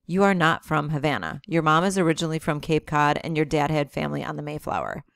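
Level-headed teen boy, firm and blunt, gravelly; voiced by a woman reading aloud. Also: deep voice, fast. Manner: firm, matter-of-fact scolding.

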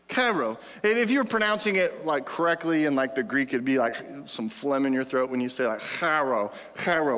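Bright high-voiced pastor preaching. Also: male voice. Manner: conversational, playful, asks the congregation questions. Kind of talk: sermon. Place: church sanctuary. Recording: long hall reverb in a church.

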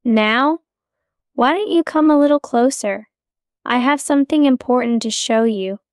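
A kind, wise talking frog from a storybook, read by a woman narrator. Gentle and mysterious, delivered slowly in a smooth, slightly high voice. The recording is dry and close. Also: no echo. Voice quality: croaky.

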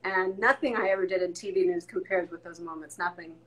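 Animated woman telling family stories. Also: fairly low pitch, brisk, poor audio. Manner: animated storyteller, acts out family voices. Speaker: guest. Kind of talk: casual interview chat.

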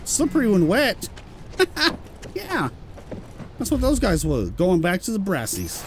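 A British man giving excitable let's-play commentary and swearing when surprised. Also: high voice, slow, slight background noise. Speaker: gameplay commentator.

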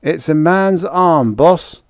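Male narrator as a nervous guard, high and raised, dry audiobook sound. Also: expressive, takes it slowly, dry recording. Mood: uneasy. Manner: jumpy and alarmed.

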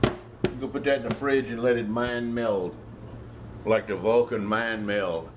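A man with a Louisiana Cajun accent hosts a casual home cooking video, folksy and joking, swearing freely while he works. His mid-range voice has fairly even intonation and an unhurried pace, with background noise present.

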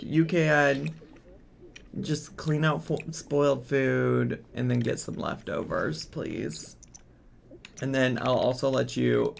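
A man's voice: mid-range voice, takes it slowly, gravelly. A man giving casual let's-play commentary as a gaming streamer, exasperated and bossing his game characters around.

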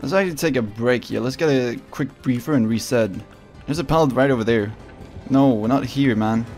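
A man giving casual, excitable gameplay commentary, swearing often and talking to his opponent. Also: medium pitch, normal speed, soft background music. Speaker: gaming video creator.

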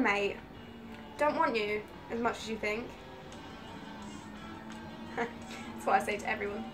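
A woman gamer giving live commentary on her own play, excitable and swearing at rival players. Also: mid-range voice, slow, pauses often, music in the background.

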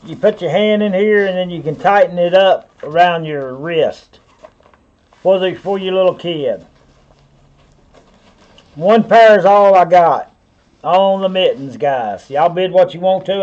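A man's voice: high-pitched, a little mellow, highs cut off. A man with a Southern US accent running a live online auction, rambling in a folksy way and calling viewers by name. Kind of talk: live-stream auction patter.

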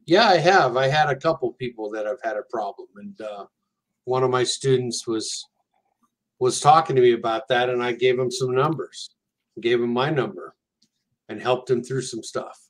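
An earnest man speaks plainly and candidly as a guest, with a mid-pitched voice and a steady, direct delivery. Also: normal speed. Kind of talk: casual conversation.

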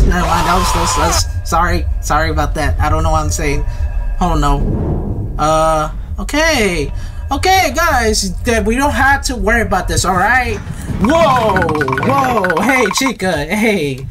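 A man's voice: sits high, expressive, a little slow, over music. A young man doing casual horror game commentary, nervous and jittery, chatting to the game characters. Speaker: gaming YouTuber. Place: home gaming setup. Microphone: desk mic with facecam.

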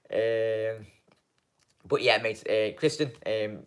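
A man hosting a fan channel live stream, chatting casually and rambling through viewers' comments with lots of ums and "mate". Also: lowish voice. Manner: rambling and halting, many ums, keeps calling viewers mate.

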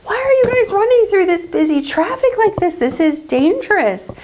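A woman puts on a jumpy male traffic cop in a storybook tale, his voice shooting up high and thin as he exclaims. Faint hiss sits under the voice. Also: sing-song, moderate pace, darkish tone. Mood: alarmed. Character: flustered male traffic officer at his post.

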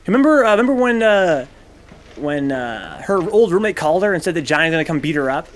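Excitable man reacting to a movie. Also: fairly high pitch, brisk. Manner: excitable, swearing, slangy, calls out at the screen.

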